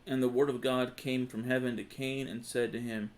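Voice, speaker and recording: A man's voice: mid-range voice, little pitch movement, normal speed. A man co-hosting a casual podcast, reading scripture aloud and then commenting on it in an agreeable, plain way. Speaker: podcast co-host.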